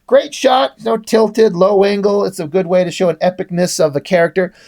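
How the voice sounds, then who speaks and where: A man's voice: high-pitched, fairly even intonation, a little fast, a little mellow. A man giving a casual, rambling comic book review in a sarcastic tone, swearing often.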